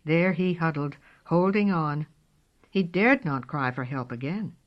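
A woman reading a storybook aloud in a slow, expressive way. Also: low voice. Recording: dull lo-fi recording.

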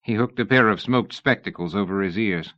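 Low-voiced male audiobook narrator. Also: a little fast, fairly bright tone, no room sound. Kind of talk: scripted narration. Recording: dull lo-fi audiobook recording.

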